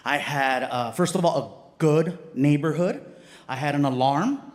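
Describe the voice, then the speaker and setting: Male stand-up comic, high voice, animated and self-deprecating, live stage delivery. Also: a little slow, echoey room. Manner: animated, excitable, self-mocking. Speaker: stand-up comedian. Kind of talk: stand-up storytelling. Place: comedy stage before a live audience.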